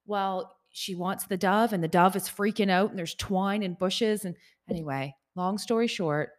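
A woman's voice: medium pitch, moderate pace. A woman co-hosting a podcast, telling a long, rambling story in casual chat and swearing freely. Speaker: podcast co-host.

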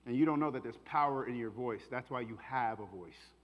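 A man's voice: medium pitch, a little fast, muffled recording. A male pastor preaching a sermon in a passionate, casual, colloquial way, in a hall with a long echo.

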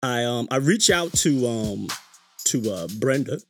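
Animated man hosting a podcast. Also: medium pitch, measured pace, soft background music. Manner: animated storytelling with frequent restarts. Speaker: podcast host. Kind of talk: casual live-stream monologue.

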